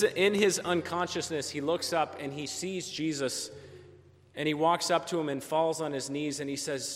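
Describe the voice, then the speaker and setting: A man preaching a Christmas sermon, telling a story gently and dropping softer for quieted moments. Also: mid-range voice. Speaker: pastor. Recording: long church reverb.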